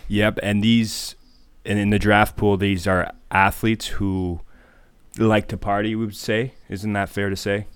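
Deep-voiced host, laughing and rambling. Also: male voice, flat delivery, a little slow, clean tone, dry recording. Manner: laughing, rambling storyteller with many fillers. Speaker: podcast host. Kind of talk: casual sports podcast chat.

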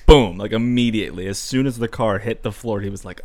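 A man's voice: lowish voice, fairly quick, darkish tone. A man co-hosting a podcast, chiming in with teasing jokes in casual chat. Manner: teasing, joking banter. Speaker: podcast co-host.

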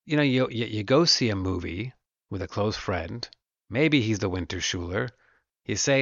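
A man in his thirties hosting a podcast, doing a casual solo rant that is animated and profane, now and then slipping into playful put-on voices. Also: on the low side, moderate pace, creaky, no echo, dull audio. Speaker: podcast host.

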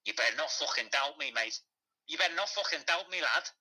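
Man putting on a cocky Scouse teenager, very bright cutting tone, swearing, swaggering, slightly high. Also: lively intonation, fairly quick, exaggerated voice, low-quality recording. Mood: aggressive. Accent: Liverpool (Scouse). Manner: aggressive, swaggering, swears constantly. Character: brash sweary teenage Liverpool lad, aspiring film star. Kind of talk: comedy phone-in sketch.

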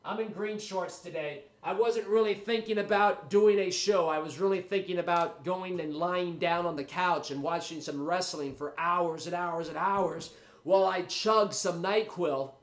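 A man's voice: high-pitched, normal speed, roomy sound. A man hosting a wrestling podcast while sick with a cold, rambling and hyped, with a salty, profane streak. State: has a cold, congested. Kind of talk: casual solo podcast talk.

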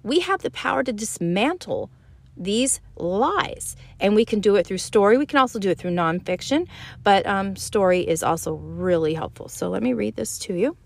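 A woman's voice: medium pitch, animated, moderate pace, vocal fry. A woman author talking earnestly to writers, with hesitant fillers and restarts. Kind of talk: casual teaching talk.

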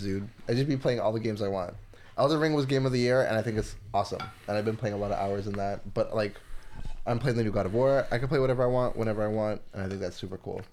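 A man's voice: fairly low pitch, a little mellow, a little hiss or hum. A man in his twenties chatting casually on a podcast, laid-back, with lots of filler words and some swearing. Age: 20s. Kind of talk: casual chat.

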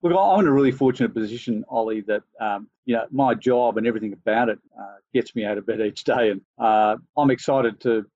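A man's voice: mid-range voice, fairly quick, few pauses, warm tone, no room sound. An Australian man being interviewed, talking in an easygoing way and thinking aloud with lots of fillers and restarts. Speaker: interview guest, organisation chief executive. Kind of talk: relaxed conversational interview. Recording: dry, dull lo-fi sound.

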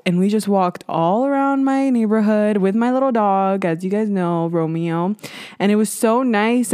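A young woman chats into a podcast mic from a small closet. Her voice sits a little low and sounds very dry and close. She rambles, swears casually, and pokes fun at herself. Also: darkish tone, dry recording. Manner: chatty, swears, self-mocking, lots of "like". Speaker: podcast host. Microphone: podcast microphone.

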